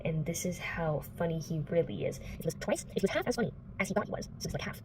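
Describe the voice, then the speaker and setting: A woman's voice: on the low side, expressive, fast, background noise. A young woman in her twenties casually recapping a novel for her channel, chatty and full of fillers, playfully quoting the characters. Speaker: book vlogger.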